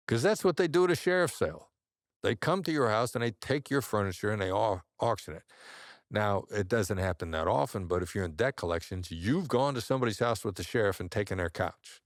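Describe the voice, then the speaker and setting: Low-voiced man telling stories dry. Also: lively intonation, no echo. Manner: measured, anecdotal, acts out quoted voices. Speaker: guest, negotiation expert. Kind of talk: podcast interview storytelling.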